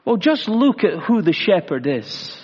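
A pastor preaching a sermon in a measured way, slowing down for emphasis and adding light humor. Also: male voice, sits high, big pitch swings, darkish tone, slightly rough. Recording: reverberant hall, dull lo-fi sound.

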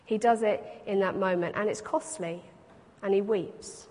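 A woman's voice: mid-range voice, steady tone, normal speed, darkish tone. A woman preaching a reflective sermon, reading scripture aloud and explaining it to a congregation. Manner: reflective, reads scripture aloud then expounds. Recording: long hall reverb.

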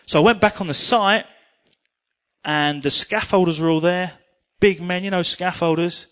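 Brief: middle-aged male preacher, slightly higher voice, animated and earnest storytelling from the pulpit. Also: normal speed. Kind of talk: sermon with personal testimony.

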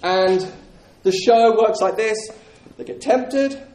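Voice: mid-range voice, takes it slowly, darkish tone. Preacher, emphatic sermon, repeats phrases, roomy echo. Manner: emphatic, repeats key phrases, jokes with the congregation. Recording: roomy echoing hall.

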